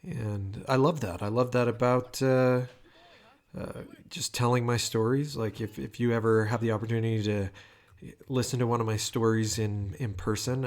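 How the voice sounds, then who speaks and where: A man talking casually into a home microphone for his audio vlog, rambling with lots of fillers, restarts and swearing. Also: medium pitch. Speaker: vlogger. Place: home room. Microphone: new microphone at home.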